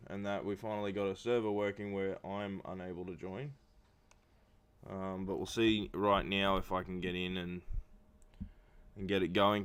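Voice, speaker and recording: A man's voice: fairly low pitch, a bit bright, clean tone. A man doing casual live-stream commentary for an online racing league, talking with many fillers while feeling unwell. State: not feeling well.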